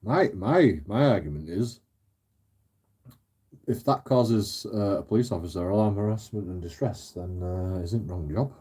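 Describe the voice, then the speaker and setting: Husky man ranting casually. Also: fairly low pitch, a little slow, warm tone. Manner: swears freely, laughs often, rambling with restarts. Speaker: channel host.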